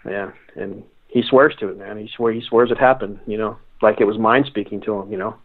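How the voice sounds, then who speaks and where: A male guest telling stories in a rambling, halting way, often restarting his sentences. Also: fairly low pitch, fairly even intonation. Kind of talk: casual storytelling. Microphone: phone call. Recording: phone line.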